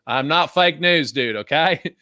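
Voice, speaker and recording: Young man, from Vancouver, podcast co-host, animated rant, bright tone, dry close sound. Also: on the high side, moderate pace, no room sound. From Vancouver, Canada. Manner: animated, swearing, laughing ranter. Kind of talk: casual podcast chat.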